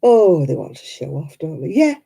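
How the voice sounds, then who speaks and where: British lady chatting on a craft livestream, husky, swoops up and down a lot. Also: big pitch swings, moderate pace, dark tone. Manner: chatty, mimics others in high voices. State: struggling with hand pain. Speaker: livestream host. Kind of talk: casual livestream chat.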